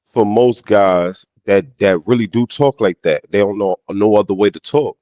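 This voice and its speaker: Slangy man with a low, dry voice. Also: moderate pace, dark tone, no room sound, highs cut off. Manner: repeats and restarts phrases, slangy street talk. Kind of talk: casual debate.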